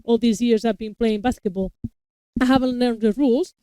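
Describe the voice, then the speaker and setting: A woman in a relaxed chat, talking in long, winding explanations and restarting her sentences as she goes. Her voice is smooth and clear, recorded close and dry with no room sound. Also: a little high, moderate pace, dry recording, low-quality recording. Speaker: co-host reacting to a TV episode; parent of young children. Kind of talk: casual chat.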